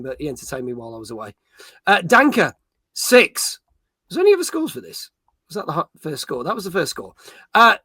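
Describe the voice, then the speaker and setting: A man's voice: high-pitched, pushed and bright, dry recording. A man hosting a casual gaming live stream, joking and reading viewer comments aloud. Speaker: podcast host reading chat.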